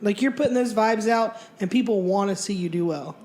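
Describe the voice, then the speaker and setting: A man's voice: high voice, a little fast, darkish tone. A man co-hosting a podcast, encouraging the guest with joking asides. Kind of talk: casual interview.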